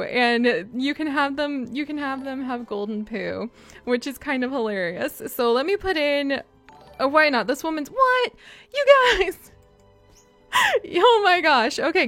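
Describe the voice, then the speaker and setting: Bubbly high-voiced young woman streamer. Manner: bubbly and excitable, gushing thanks to chat. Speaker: live streamer. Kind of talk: live-stream gameplay chat.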